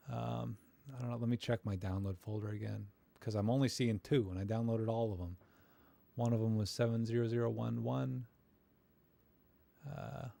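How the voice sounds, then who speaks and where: A man's voice: on the low side, vocal fry, warm tone. A man hosting a live stream where he critiques viewers' photos, talking casually in a rambling, friendly, self-deprecating way with lots of fillers. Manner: friendly, encouraging toward viewers.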